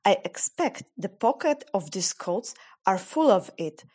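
A woman reading aloud and voicing a sensible, practical schoolgirl in a brisk, slightly fussy manner. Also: medium pitch, very animated, darkish tone, husky.

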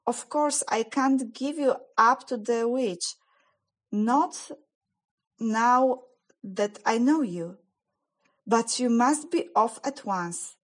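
A woman voicing a guilt-stricken male faun, gentle and fretful, with an anxious, pleading, slightly raised voice. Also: a little high, slow, long pauses, pitched above the performer's own voice. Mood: resolved.

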